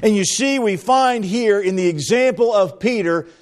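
A middle-aged pastor preaching a sermon, his voice sitting a little high for a man. He acts out the quotes with big swings in pitch and volume. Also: moderate pace.

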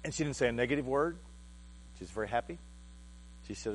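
Halting, heartfelt male pastor preaching. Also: mid-range voice, expressive, slight background noise. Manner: halting, repeats words, heartfelt storytelling. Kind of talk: sermon.

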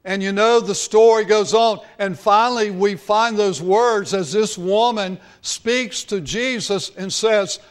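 A man's voice: sits high, measured pace, few pauses, clean tone. A male pastor preaching a sermon, earnest, drawing out key words for emphasis.

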